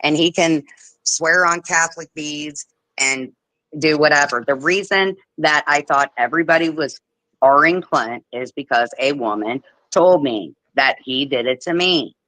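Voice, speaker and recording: A woman hosting a casual livestream chat, telling animated stories, swearing freely and mimicking the people she talks about. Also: low-pitched, a little slow, dry recording, poor audio. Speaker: livestream host.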